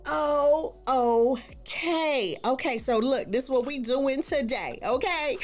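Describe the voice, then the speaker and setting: A woman's voice: a little high, slow pace, hardly any pauses. A woman hosting a live tutorial stream, greeting viewers in a bubbly, effusive, slangy way and repeating her exclamations. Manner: slangy and playful.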